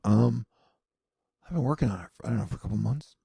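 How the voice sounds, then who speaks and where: A man's voice: medium pitch, expressive, quick pace, gravelly, mellow, breathy edge, no echo. A man giving casual, rambling news commentary with sardonic, self-mocking asides.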